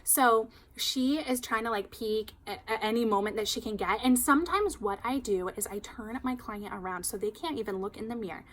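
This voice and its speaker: Chatty, animated hairstylist woman. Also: on the high side, normal speed, few pauses. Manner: chatty, animated, heavy use of "like". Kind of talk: casual storytelling to camera.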